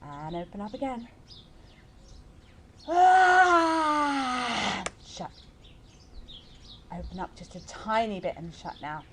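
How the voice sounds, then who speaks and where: A woman's voice: on the low side, lively intonation, moderate pace, long pauses, heavy background noise. A woman teaching a yoga class for young children, giving playful, encouraging, story-like instructions.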